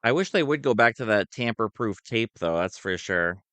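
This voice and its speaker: A man's voice: on the low side, animated, normal speed, fairly bright tone, no room sound. A man co-hosting a podcast in easygoing casual chat, laughing often. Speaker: podcast co-host.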